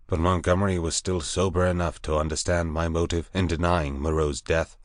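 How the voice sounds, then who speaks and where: A man narrating an audiobook in a measured, deliberate reading voice on a close mic. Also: low voice, fairly even intonation, no echo. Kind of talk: scripted narration.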